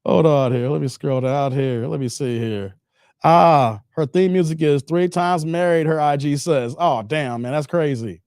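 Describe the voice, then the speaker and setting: A live-stream host reacting to videos and chat speaks at a measured pace in a slightly mellow voice on the high side. The audio is clean, studio quality, with no echo, and he reads chat messages aloud, talking straight to viewers in slang with "man" and "guys" in nearly every sentence.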